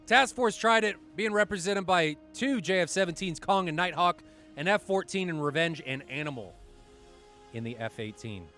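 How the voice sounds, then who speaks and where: A chatty man calls a live flight-simulation match with bursts of excitement and the odd swear word. His voice is bright and a touch high, and quiet music plays behind him. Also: normal speed. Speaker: esports commentator. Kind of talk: live stream commentary.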